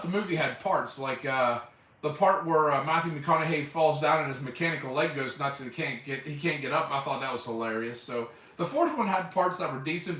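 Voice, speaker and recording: A male live streamer chats casually in a sharp, bright, slightly high voice, rambling enthusiastically with loose swearing and fillers like "man." The mic sits at a distance in an echoey room, so the sound is roomy.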